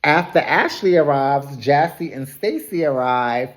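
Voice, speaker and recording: A rumbling low female voice with lively intonation walks through a reality TV episode at a measured pace. It's a gossipy, casual rundown full of laughter and shade. She speaks in relaxed, colloquial language and frequently corrects herself mid-thought.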